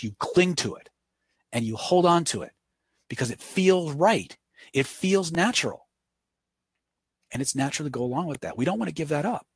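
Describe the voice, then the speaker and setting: A man's voice: medium pitch, breathy edge, no room sound. A man teaching a live webinar, answering viewer questions off the cuff and telling stories to make his points in a conversational way. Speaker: webinar instructor.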